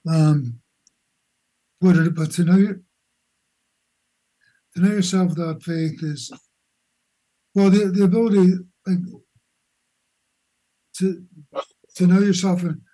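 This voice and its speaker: Older man, halting and soft-toned. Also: sits high, fairly even intonation, poor audio. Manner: halting, searching for words with many restarts. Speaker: guest, philosopher and boxing coach. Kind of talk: conversational interview.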